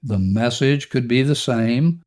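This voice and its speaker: A middle-aged man hosting a podcast, calmly guiding listeners through a self-help exercise. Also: mid-range voice. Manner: slow, calm, instructive, speaking directly to the listener. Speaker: podcast host.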